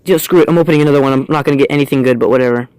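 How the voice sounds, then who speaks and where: A young man commentating a game pack opening, jumping from quiet mumbling to loud, high yelling. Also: steady tone, very fast, clear, resonant tone, no room sound. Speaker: gaming YouTuber.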